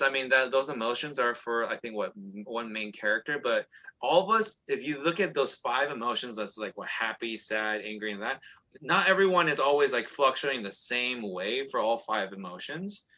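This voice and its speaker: A man talking in a chatty, animated way as co-host of a casual discussion. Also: medium pitch, normal speed. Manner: animated, chatty, many fillers and restarts. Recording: dull lo-fi sound.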